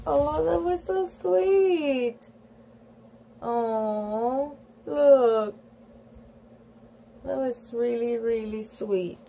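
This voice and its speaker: Mom-type lady reading a picture book at home, goes all gushy and giggly, slow talker. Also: a little high, creaky. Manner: gushing, animated, giggly asides. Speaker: children's book read-aloud host. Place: home room with a fan running.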